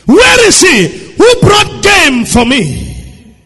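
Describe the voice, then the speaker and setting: A man preaching, voicing an aged father who is trembling and alarmed and shouts pleading questions. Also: very high voice, wildly swooping pitch, very slow, pitched above the performer's own voice, full character voice. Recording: long echo of a large hall.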